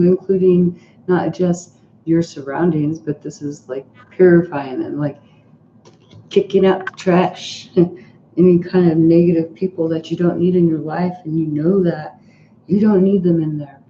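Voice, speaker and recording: A woman talks through a tarot reading in a loose, rambling way, full of fillers and restarts. Her voice is very dark and mellow. It sounds roomy and a little dull, with faint noise behind it. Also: low-pitched. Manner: chatty and rambling, with many "like"s and restarts. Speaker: tarot reader. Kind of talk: casual tarot reading to camera.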